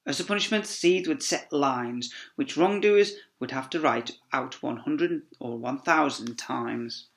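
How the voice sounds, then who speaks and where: A man's voice: mid-range voice, unhurried, creaky, hardly any pauses. A man, a teacher reading a children's story aloud, with playful asides to young listeners. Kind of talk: expressive storybook read-aloud.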